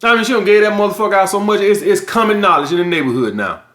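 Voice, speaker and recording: A high-voiced middle-aged man talks straight to his viewers in a blunt, profane monologue, hammering his points home. His voice bounces around an echoey room. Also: expressive, fast talker, fairly bright tone, a little hiss or hum. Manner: profane, emphatic, lecturing. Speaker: vlog host.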